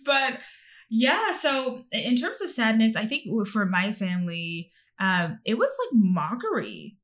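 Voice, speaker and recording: A woman's voice: on the high side, big pitch swings, measured pace, a bit bright. A woman from Canada talking candidly and reflectively in a casual conversation, asking probing questions.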